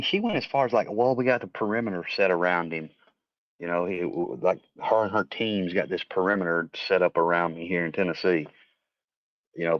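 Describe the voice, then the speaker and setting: Heated low-voiced man ranting. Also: no echo. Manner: heated, rambling, swears a lot. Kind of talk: casual chat. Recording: dry, dull lo-fi audio.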